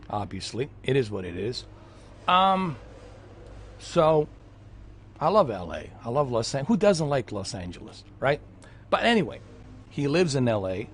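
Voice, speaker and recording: A man's voice: mid-range voice, slight background noise. A man chatting casually while gaming, rambling with lots of fillers and restarts. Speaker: gaming vlogger.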